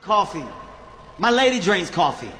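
A man doing stand-up comedy, telling an animated story and acting out both sides with shouted punchlines. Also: high voice, normal speed, reverberant, noisy background.

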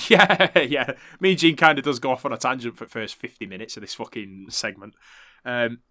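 Bright-voiced man recapping casually. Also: mid-range voice, no room sound, studio quality. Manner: chatty, swears freely, quick to laugh. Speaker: podcast host.

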